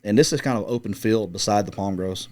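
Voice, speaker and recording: A fast-talking middle-aged man who used to be a Marine scout sniper tells a long interview story with easy profanity, acting out radio calls as he goes. His voice is fairly low with a darkish tone.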